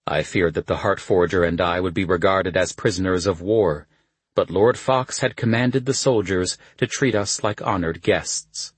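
A man reading a novel aloud as an audiobook narrator, in a measured, even manner. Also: sits low, breathy edge, no room sound. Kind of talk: scripted narration.

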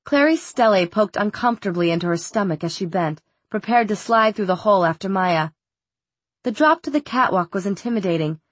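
A woman narrating a young-adult fantasy novel in a steady, even storytelling manner. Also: mid-range voice, dry recording. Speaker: audiobook narrator. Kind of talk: scripted narration.

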